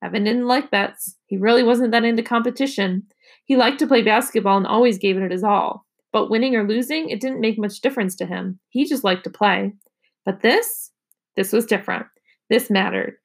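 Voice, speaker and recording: A woman, a teacher, reading a children's novel aloud in an expressive storytelling manner. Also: fairly high pitch, moderate pace.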